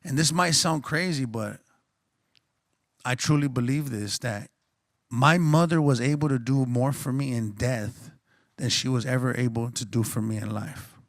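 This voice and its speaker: A man's voice: medium pitch, no echo, studio quality. A man on a conference panel telling a personal story in an earnest, reflective, slangy way. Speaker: panelist and coffee shop co-owner.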